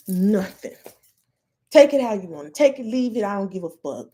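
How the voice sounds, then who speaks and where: Warm in tone and sing-song at medium pitch, her voice keeps a moderate pace. The speaker, an American woman from the United States, hosts a podcast and unleashes a heated solo rant, profane and bluntly emphatic.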